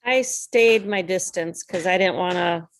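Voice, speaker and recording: Slow-talking low-voiced woman. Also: slight background noise. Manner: laid-back, easy laughter. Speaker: host of a paramotoring talk show. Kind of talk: casual chat on a video call. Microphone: video call.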